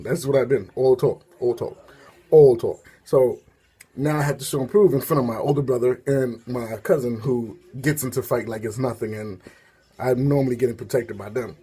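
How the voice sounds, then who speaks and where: A man's voice: mid-range voice, warm tone, slightly rough. A man hosting a story time, talking casually in a rambling way with lots of fillers and asides.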